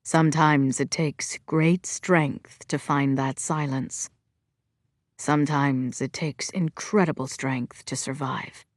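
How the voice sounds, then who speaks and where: A woman reading an audiobook, voicing a gentle middle-aged father who speaks softly and calmly. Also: low-pitched, dry recording, studio quality, voice pushed down. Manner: soft, calm, measured. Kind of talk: audiobook character voice.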